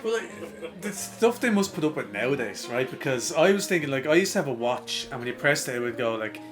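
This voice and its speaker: A man's voice: mid-range voice, brisk, music in the background. A young Irish man chatting casually on a podcast, telling crude school stories with lots of swearing and acting out the voices of the people in them. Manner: animated storytelling, crude, laughing, acts out voices. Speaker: podcast co-host. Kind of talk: casual chat.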